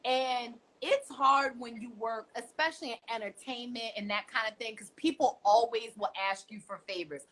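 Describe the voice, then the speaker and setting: A bright, crisp young woman chats through a TV recap with plenty of emphasis. She pitches a touch high and keeps things lively, slipping into quick impressions as she goes. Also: rough recording. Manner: animated, emphatic, often acts out quotes. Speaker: co-host. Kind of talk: casual recap chat.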